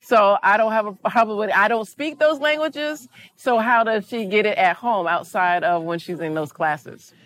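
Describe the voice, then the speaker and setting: A woman guest in a lively interview before a live audience, playful, with loud drawn-out greetings and exclamations. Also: mid-range voice.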